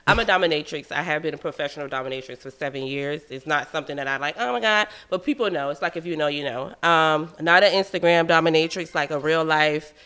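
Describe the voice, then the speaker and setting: Bright-voiced young woman from Savannah. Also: low voice, quick pace, hardly any pauses, smooth. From Savannah, Georgia, USA. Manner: giggly, expressive, laughs often. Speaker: guest, musician. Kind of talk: casual interview chat.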